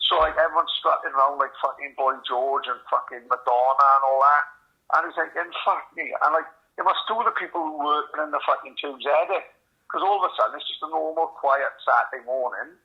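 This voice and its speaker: A man's voice: on the high side, brisk, highs cut off. A man in his forties, a podcast host, rambling through a story in casual chat and swearing constantly. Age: 40s.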